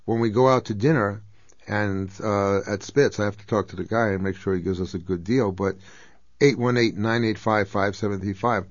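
A man appearing as a guest on a radio pledge drive, making an emphatic fundraising appeal that rises to loud exclamations. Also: fairly low pitch, no echo. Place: radio studio. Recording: dull lo-fi radio broadcast, dry.

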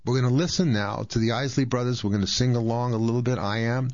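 A man's voice: medium pitch, steady tone, quick pace, a little mellow, dry recording, muffled recording. A man in his sixties hosting a radio talk, explaining things step by step in a chatty way. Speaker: radio host. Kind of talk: casual health talk.

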